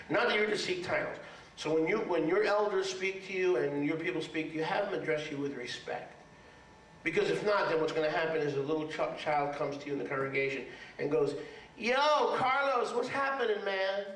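A man's voice: mid-range voice, slight background noise. A man preaching to a congregation as a rabbi, emphatic and repetitive, often asking the audience if they follow. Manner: emphatic, repeats words for stress, asks the audience for agreement. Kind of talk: sermon. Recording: echoey room, mic at a distance.

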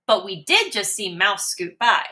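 A woman's voice: medium pitch, very animated, a little slow, pushed and bright. A woman reading a picture book aloud, voicing a flock of birds in a light, sing-song way. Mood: chirpy.

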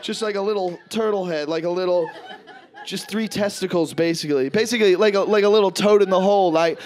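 A man in his thirties doing a stand-up comedy set, telling stories with animated, loud acted-out quotes. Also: high voice, quick pace. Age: 30s. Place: comedy stage before a live audience. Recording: live show with crowd laughter.

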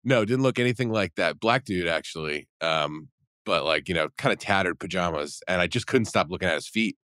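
A man with a very deep, slightly bright voice tells a rambling, casual anecdote like a podcast regular, acting out what people said along the way. His delivery is brisk with lively intonation. He's close to the mic in a dry space with no echo.

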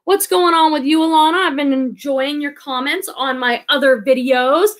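Running a live reselling stream, a woman talks at a moderate pace in a voice that sits high. She sounds a little winded but stays bubbly and eager, chatting with viewers as though they were her friends.

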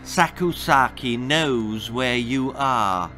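A man voicing a tiny magical duck that speaks in a soft, watery, hissing voice and delivers grave warnings. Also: mid-range voice, slow pace, faint music behind. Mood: ominous.

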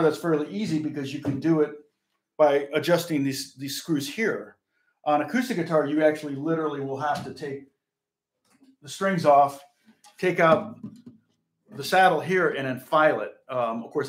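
Older male guitar teacher, somewhat high-pitched, loose rambling chat to viewers, roomy echo. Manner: rambling, chatty, answers viewers' comments. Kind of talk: casual live-streamed guitar lesson. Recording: echoey room with guitar playing.

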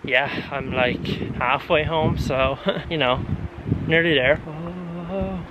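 A man's voice: mid-range voice, steady tone, slow pace, muffled recording. A young man in his twenties with an Irish accent, rambling playfully in a casual vlog. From Ireland. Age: 20s. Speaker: vlogger. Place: at home and walking outdoors. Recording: roomy echo with faint noise.

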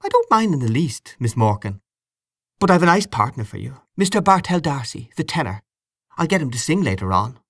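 A man's voice: a little high, big pitch swings, brisk, fairly bright tone, no echo, studio quality, pitched above the performer's own voice, exaggerated voice. A man voicing a gracious, eager young woman who plays piano at a party.

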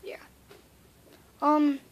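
A woman vlogging casually to camera, hyper and playful, swinging between loud pleas and whispers. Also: drawn-out words, dull audio, noisy background.

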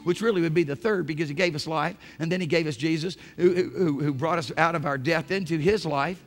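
A male pastor preaching a sermon in church, swinging from hushed, intimate phrases to shouted emphasis. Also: fairly high pitch, brisk. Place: church sanctuary.

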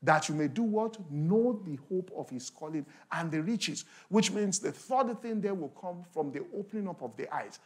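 A male pastor preaching a sermon at a conference, animated, acting out little scenes and asking the congregation questions. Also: high-pitched, moderate pace, few pauses. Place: conference hall.

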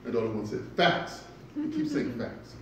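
A man doing a stand-up comedy set in a club, telling stories with deliberate delivery and punchy asides. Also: mid-range voice, huge pitch swings, mellow, a little hiss or hum. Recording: echoey club from far off.

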